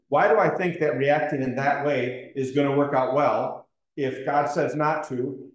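A man leading an adult Bible study class in a church room, talking conversationally, asking questions and using frequent ums. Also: medium pitch. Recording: roomy echoing room.

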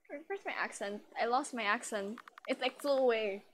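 A woman's voice: on the high side, normal speed, hardly any pauses, a bit bright, slight background noise. A woman streaming a game live, chatting with viewers and reading the dialogue aloud in a playful, chatty way. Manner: chatty, playful, giggly asides.

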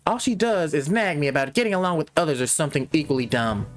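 A man's voice: on the high side, animated, quick pace. A man hosting a gaming channel, reading a game's character lines aloud and breaking off to comment and laugh. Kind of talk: reading game dialogue aloud with reactions.

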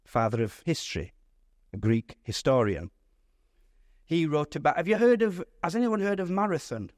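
A man, a pastor, teaching a Bible study in a lively, conversational way, putting questions to his audience. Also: on the high side, normal speed, dry recording, clean studio sound.

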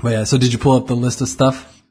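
A man in his thirties with a mid-range, darkish voice speaks fast and flatly as co-host of a casual podcast. He rambles through anecdotes and chuckles often.

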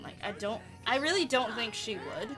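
A young woman casually commenting on her life-simulation game, chatty and giggly, often laughing and calling out loudly at what happens on screen. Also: a little high, animated, normal speed, music in the background. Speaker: gameplay commentator. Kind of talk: casual let's-play commentary.

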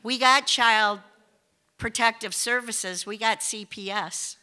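A woman's voice: a little high, slow pace, bright, forceful tone, smooth. A woman telling a personal story on stage to a live audience, chatty and emphatic with many asides and restarts.

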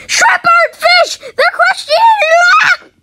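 A woman voicing a tiny spiteful shrimp creature who hates everything, shouting and shrieking in a petulant tantrum, recorded as a fan voice acting piece. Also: extremely high pitch, slow pace, slight background noise, voice pushed up, heavily acted. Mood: furious.

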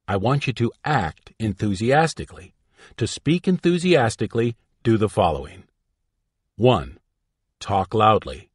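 Husky low-voiced man narrating a self-help audiobook, lively emphatic delivery. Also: no room sound, clean studio sound. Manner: emphatic, instructive reading. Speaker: audiobook reader.

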